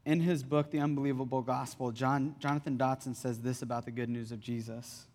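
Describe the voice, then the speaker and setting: A man's voice: medium pitch, fairly quick. Man preaching a casual sermon in a reverberant hall. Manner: conversational, animated storytelling. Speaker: pastor. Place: church hall.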